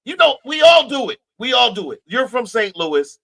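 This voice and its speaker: Guy from jersey on a movie podcast, high voice, bright and sharp, keeps restarting his sentences. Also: moderate pace, vocal fry, poor audio. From New Jersey. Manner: animated, many restarts and repeated words. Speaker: podcast co-host. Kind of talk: casual movie chat.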